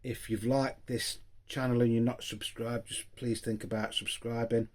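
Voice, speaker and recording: Older male vlogger, mid pitch, emotional and grateful, lots of ums and repeated thanks. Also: flat delivery, normal speed. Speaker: vinyl collector vlogger. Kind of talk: casual vlog to viewers.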